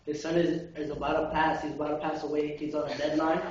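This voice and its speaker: A man's voice: a little high, little pitch movement, fast, background noise. A young man telling a long joke to friends in a rambling, self-correcting way, heard far from the mic in a dull, roomy recording. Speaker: joke teller. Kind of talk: casual storytelling. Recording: roomy, distant, dull lo-fi amateur video.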